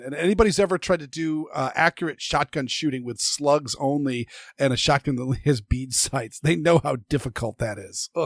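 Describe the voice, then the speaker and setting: A man's voice: on the high side, dry recording, clean studio sound. A man hosting a podcast in casual chat, rambling with many restarts and stammers. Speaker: podcast host.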